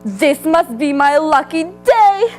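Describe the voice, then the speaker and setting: A woman voicing a hungry, greedy male fox who talks loudly and gloats in a read-aloud storybook. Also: on the high side, expressive, measured pace, soft background music, poor audio. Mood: gloating. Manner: loud, growling, gloating.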